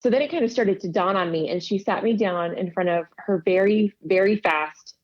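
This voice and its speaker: A woman's voice: medium pitch, normal speed. A woman casually telling stories in an interview, laughing often and acting out quoted dialogue. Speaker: podcast guest, quilter. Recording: dull lo-fi audio.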